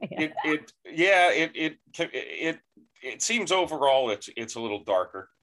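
This American podcast host speaks unhurriedly and expressively in a fairly high, fairly bright voice. He's conducting an interview over a remote call, keeping it casual but hesitant, with many stammers and restarts.

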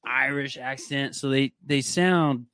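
A man's voice: medium pitch, slow, a bit bright, clear, resonant tone, dry recording, studio quality. A young man from Canada, a podcast guest, telling stories in a loose, rambling casual chat with plenty of swearing.

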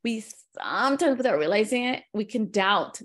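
A woman hosting a casual conversation who switches between English and Spanish mid-sentence, animated and quick to laugh. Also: fairly high pitch.

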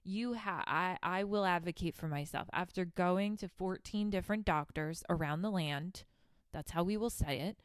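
A woman's voice: on the low side, normal speed, smooth, no room sound, studio quality. Blunt, profane woman podcaster. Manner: blunt, profane and chatty with laughing asides. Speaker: podcast host. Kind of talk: casual storytelling monologue. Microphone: handheld microphone held close.

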